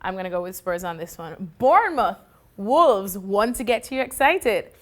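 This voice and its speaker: A woman's voice: medium pitch, very animated, moderate pace. A woman hosting a casual football predictions segment, upbeat and playfully teasing her co-host. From not from the UK. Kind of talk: casual sports prediction chat.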